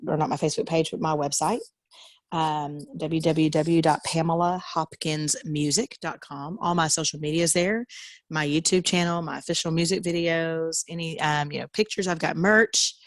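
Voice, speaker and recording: A woman's voice: low-pitched, steady tone, moderate pace, no room sound. A woman from Arkansas, a singer-songwriter, chatting as a guest in an interview in a modest, easygoing way. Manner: modest, chatty, laughs easily. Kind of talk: casual interview chat.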